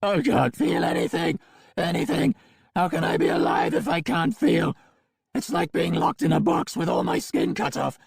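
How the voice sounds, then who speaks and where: A man's voice: on the high side, wildly swooping pitch, normal speed, creaky, breathy edge, no echo, clean studio sound, voice pushed up, full character voice. A man voicing a despairing male cyborg patient, desperate and pleading. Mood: anguished.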